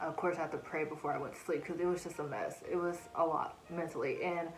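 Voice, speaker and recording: A young American woman chats animatedly in a casual storytelling vlog recorded on a phone camera, acting out quoted asides. Her voice is low and steady and she talks fast, in a reverberant, rough recording.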